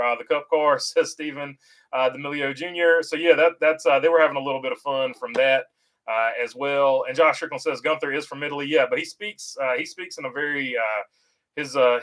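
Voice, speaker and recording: A man at a middle pitch hosts a casual live stream and answers viewer comments. He talks in an easygoing, halting way, full of "uh" fillers and restarts, and he reassures his regulars in a friendly tone. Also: fairly bright tone, low-quality recording. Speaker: host reading viewer comments. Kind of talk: casual livestream chat about racing.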